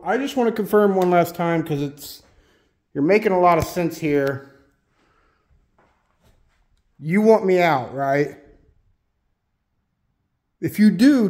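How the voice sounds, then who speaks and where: A man with a slightly high voice hosts a solo ghost-hunting vlog. He talks casually and keeps putting questions to the spirits. The sound rings around an old schoolhouse room. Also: animated, unhurried, long pauses, a little mellow. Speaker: solo ghost hunter host. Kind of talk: paranormal investigation vlog. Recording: echoey room.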